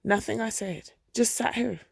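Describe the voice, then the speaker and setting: A woman reading a dramatic monologue as a resentful middle-aged son, narrating in a wry, deadpan way. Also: on the high side, moderate pace, vocal fry, slightly rough, dry recording, studio quality, pitched above the performer's own voice, full character voice.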